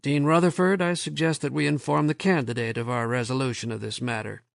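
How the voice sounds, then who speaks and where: A man voicing a tired but determined male department chairman who speaks softly. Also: medium pitch, level tone, creaky, dry recording, studio quality, close to an everyday voice. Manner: soft, firm, quick.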